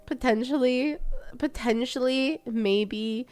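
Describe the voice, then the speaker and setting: A woman's voice: high voice, slow pace, darkish tone, clear, resonant tone. Chatty young woman with a slight Texan twang. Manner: chatty, self-deprecating, laughs often. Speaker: streamer. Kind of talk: casual chat with viewers while working.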